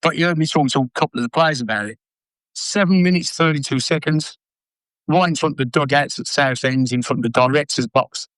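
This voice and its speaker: An older former footballer telling blunt, sweary stories in an interview. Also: male voice, on the high side, brisk, no room sound, rough recording. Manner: blunt, sweary, animated anecdotes. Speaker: former footballer and manager, guest. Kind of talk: casual storytelling interview.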